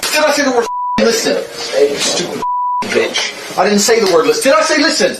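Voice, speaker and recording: A man berating someone in a shouting, mocking way. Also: high-pitched, big pitch swings, brisk, reverberant, very noisy.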